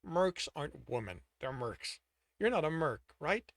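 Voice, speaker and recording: A man's voice: fairly high pitch, big pitch swings, unhurried, vocal fry, heavily acted. A man voicing a brash, battered young male mercenary with a cocky, taunting manner. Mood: weak, earnest.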